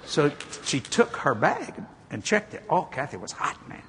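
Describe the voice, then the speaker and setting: A man preaching in church, telling a funny story in an animated, playful way and laughing often. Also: fairly high pitch, moderate pace, slight background noise. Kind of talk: humorous sermon storytelling.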